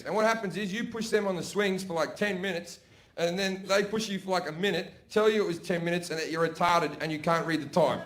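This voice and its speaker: A man with an Australian accent telling profane, animated stories as a stand-up comedian. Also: sits high, brisk, slight background noise. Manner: brash, profane, animated storytelling. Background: audience laughter.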